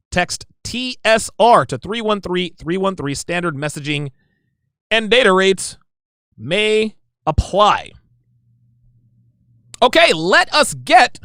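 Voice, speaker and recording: A man's voice: sits high, sharp tone, dry recording, clean studio sound. A man hosting his own show, talking to his listeners in an emphatic, casual solo monologue. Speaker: podcast host.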